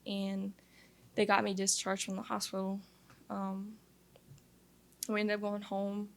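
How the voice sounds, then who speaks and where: Speaking at a measured pace, a young Louisiana woman earnestly and candidly shares her testimony in an interview. A constant gravelly fry runs through her flat, even voice, and frequent "like"s fill her account.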